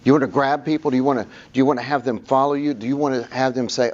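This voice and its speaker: A man's voice: mid-range voice, fairly even intonation, racing, a little mellow, highs cut off. A man presenting a public speaking workshop to a room, telling stories and acting out the people he quotes.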